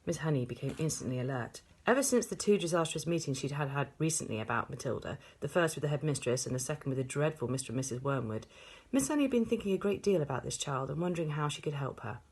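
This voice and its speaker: A woman reading a children's novel aloud, steady and expressive. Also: low-pitched, fast, hardly any pauses, husky. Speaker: audiobook reader. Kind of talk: storybook read-aloud.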